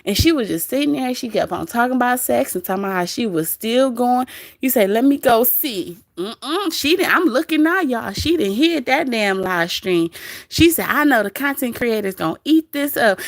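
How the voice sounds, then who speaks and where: A woman's voice: a little high, a bit bright, no echo, clean studio sound. A woman hosting a livestream, chatting casually to her live chat from her bed, laughing often and quoting others. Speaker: livestream host. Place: bedroom.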